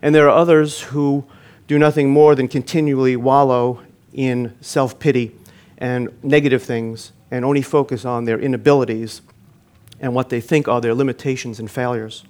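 An earnest male preacher mixes teaching with a personal story told from the pulpit. His voice sits in an ordinary middle pitch, lifting and pushing louder at the start of phrases, then dropping soft at their close. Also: flat delivery, moderate pace. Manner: earnest storytelling, swells then drops to quiet endings.

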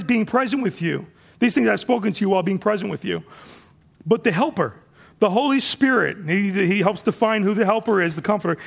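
Male pastor, high gravelly voice, casual teaching sermon. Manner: conversational preaching with repeated restarts.

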